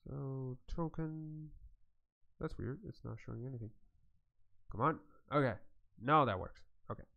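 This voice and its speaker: A man's voice: mid-range voice, unhurried, gravelly, lo-fi sound. A man narrating as game master of a tabletop game in a loose way, with plenty of fillers and frequent laughs.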